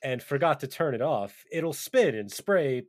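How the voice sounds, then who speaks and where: A man's voice: medium pitch, lively intonation, measured pace. A man co-hosting a podcast, rambling in loose chat full of "like" and restarts. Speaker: podcast co-host. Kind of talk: casual podcast banter.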